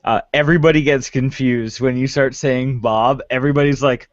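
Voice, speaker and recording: Man, relaxed, swears casually, new desk mic, dull lo-fi sound, dry, casual video chat. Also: mid-range voice, normal speed, dry recording. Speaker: guest in an online hangout. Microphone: new desktop mic on a wobbly arm.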